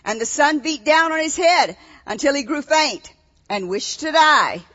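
A woman's voice: high-pitched, expressive, measured pace, fairly bright tone. A woman preacher reading scripture aloud and then questioning her listeners in a sermon. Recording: dull echoey hall.

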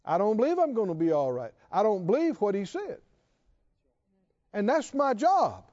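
A man's voice: sits high, very animated, normal speed, darkish tone, dull audio. A man preaching a sermon to a responding congregation, repeating questions and building to emphatic calls.

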